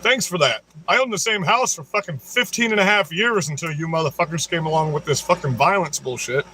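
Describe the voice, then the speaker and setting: High-voiced man in a profane rant. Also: brisk, bright, forceful tone, a little hiss or hum. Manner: profane, heated, ranting to the audience; keeps saying "you know what I mean". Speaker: livestream host. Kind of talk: livestream rant.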